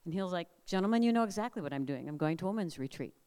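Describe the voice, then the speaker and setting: An older woman from Minnesota giving a humorous storytelling talk at a family camp, lively and animated. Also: lowish voice, very fast, background noise. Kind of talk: storytelling sermon. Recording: long hall reverb.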